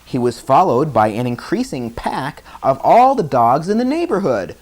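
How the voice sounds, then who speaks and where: Reading a bedtime story at a moderate pace, a man breaks off in a chatty way to explain words and recap parts, his pitch lively and shifting up and down.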